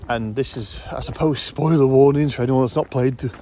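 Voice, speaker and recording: A man hosting his own video channel, giving rambling, casual commentary outdoors, correcting himself often and filling pauses with ums. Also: medium pitch, dark tone, a little hiss or hum. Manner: rambling, self-correcting, hesitant fillers. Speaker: YouTube host.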